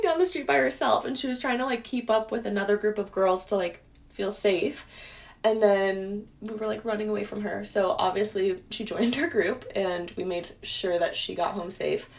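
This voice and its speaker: Young woman, casual storytelling, chatty filler words, mid-pitched voice. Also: moderate pace, gravelly. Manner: chatty, lots of "like" and "um". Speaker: clip guest telling a story.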